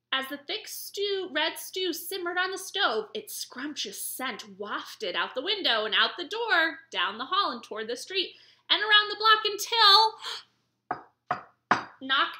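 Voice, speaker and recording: An American woman librarian in her young adult years reading a story at baby storytime, sing-song and animated. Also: high-pitched. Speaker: children's librarian. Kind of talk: baby storytime read-aloud.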